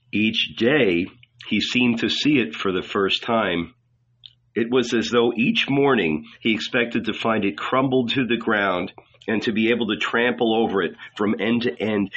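Male audiobook narrator, slow and deliberate, husky voice, dull lo-fi recording. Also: fairly low pitch, a bit bright. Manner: measured, deliberate reading. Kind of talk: scripted narration.

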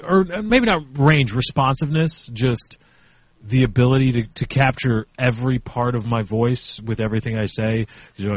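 A man's voice: medium pitch, dry recording, dull audio. A man in his twenties co-hosting a podcast, chatting casually, hesitant and self-deprecating. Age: 20s. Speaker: podcast co-host. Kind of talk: casual chat.

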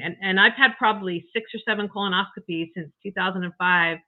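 A woman's voice: medium pitch, fairly quick, hardly any pauses. An older woman telling her health story in a chatty, emotional way as an interview guest, full of restarts and asides. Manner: chatty, emotional, frequent you-knows and restarts. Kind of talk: casual personal story. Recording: tinny phone-like call audio.

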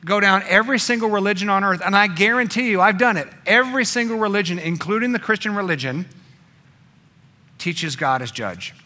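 A man preaching a sermon with a bright, forceful tone that sits a little higher than most men's. His delivery swings between emphatic, pressing passages and quiet, hushed ones. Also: a little fast. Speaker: pastor.

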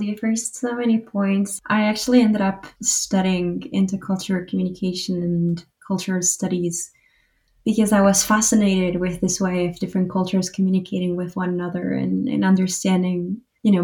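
A woman's voice: lowish voice, level tone, moderate pace, mellow. A woman co-hosting a podcast, answering in a thoughtful, engaged, conversational way. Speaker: podcast co-host. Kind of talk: casual conversation.

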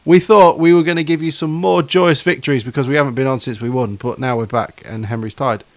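A man co-hosting a casual football podcast, chatty, laughing often and pausing on fillers. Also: medium pitch, steady tone, a little hiss or hum. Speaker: podcast co-host.

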